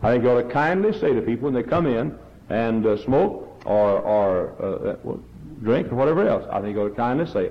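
A middle-aged man preaching a revival sermon, hammering one question over and over and climbing to loud peaks. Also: mid-range voice, expressive, fairly quick. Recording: dull lo-fi church recording.

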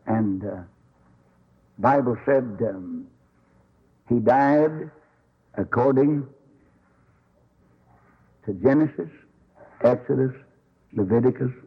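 A man preaching a sermon as a Baptist preacher, telling stories in a folksy, animated way with sudden high swoops. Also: breathy edge, muffled recording.

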